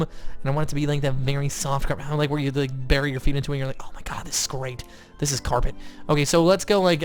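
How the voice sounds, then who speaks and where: Hyped young guy doing let's play commentary, kinda high voice, soft music behind. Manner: excitable, gushing, swings between loud outbursts and quiet mutters. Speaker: gaming YouTuber.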